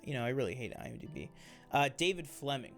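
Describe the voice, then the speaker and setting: A man's voice: mid-range voice, big pitch swings, quick pace, gravelly, faint music behind. A man co-hosting a casual TV review chat, enthusiastic and rambling, with many fillers and restarts. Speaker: co-host of a TV review show.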